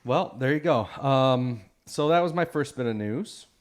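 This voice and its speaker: A man's voice: mid-range voice, a little slow. A young adult man co-hosting a casual podcast chat, trading stories and reading facts aloud from what he is looking up. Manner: reads facts aloud from a screen. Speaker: podcast co-host.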